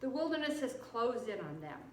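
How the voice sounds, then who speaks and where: A woman teaching children, retelling and explaining a Bible story in an expressive way. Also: fairly high pitch, moderate pace, slight background noise. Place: church. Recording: echoey room, distant mic.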